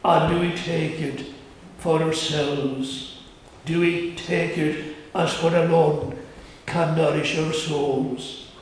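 A man preaching a communion sermon in a church, slow, earnest and measured, with pauses. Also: on the high side, fairly even intonation. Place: church sanctuary. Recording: very echoey church, distant mic, faint hiss.

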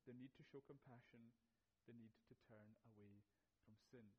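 Earnest pastor preaching a sermon. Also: male voice, mid-range voice, steady tone, moderate pace, slightly rough, low-quality recording. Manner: earnest, builds from quiet reflection to emphatic repetition.

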